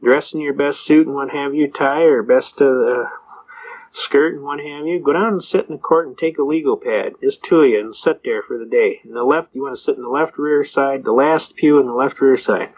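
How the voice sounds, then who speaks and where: An older man lecturing in a rambling, folksy storytelling way, often pausing with "uh". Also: mid-range voice. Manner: rambling, folksy, with frequent "uh" fillers. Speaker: lecturer on citizens' rights. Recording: dull lo-fi recording.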